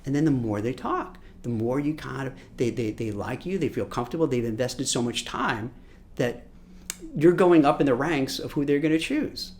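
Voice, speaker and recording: A man from Brooklyn, a recruiter, giving a lively coaching lesson on job interviews, often repeating words and acting out what people say. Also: mid-range voice, moderate pace, a little hiss or hum. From Brooklyn, New York. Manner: animated, repeats words, acts out quotes. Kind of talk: coaching masterclass talk.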